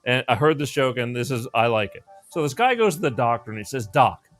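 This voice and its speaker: A man's voice: mid-range voice, fast talker. A man hosting a casual late-night talk show, rambling and telling jokes. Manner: rambling, animated, joke-telling. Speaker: show host.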